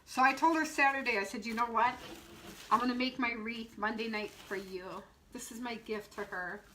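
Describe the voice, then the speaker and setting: A middle-aged woman shop owner leads a casual live wreath-making demo, chatting and laughing as she greets viewers by name. Her voice is bright and sits a little high. A faint hum of the room runs underneath. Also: fairly even intonation, moderate pace, rough recording.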